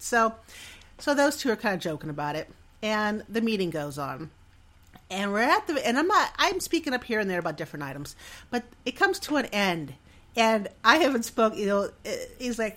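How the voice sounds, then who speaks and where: A middle-aged woman hosting a podcast, telling a personal story in an animated, self-deprecating way and laughing often. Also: mid-range voice, normal speed. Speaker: podcast host.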